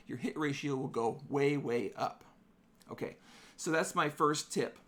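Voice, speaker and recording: A man hosting a live-stream photography tutorial, chatty, explaining camera settings step by step. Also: a little high.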